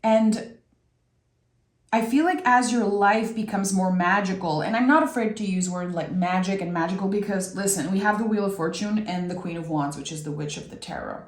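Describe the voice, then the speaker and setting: A woman from Québec, giving a gentle, reflective tarot reading and often pausing to search for words. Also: medium pitch. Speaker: tarot reader. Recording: roomy echo.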